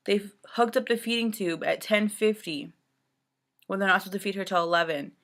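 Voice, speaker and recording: A woman's voice: mid-range voice, brisk, fairly bright tone. A woman from Canada, a new mother, rambling through an upsetting personal story in casual talk full of "like" and "you know". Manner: upset and exasperated retelling.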